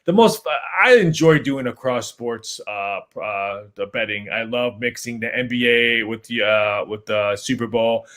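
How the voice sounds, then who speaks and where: Man, sports betting talk, halting, filler-heavy, casual podcast chat. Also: medium pitch, fairly bright tone. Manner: halting, many fillers and restarts.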